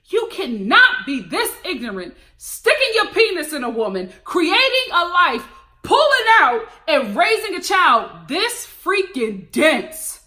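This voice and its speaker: Slow and very high-voiced, this woman recaps reality TV for her vlog, sassy and lively as she delivers opinionated rants punctuated by laughter.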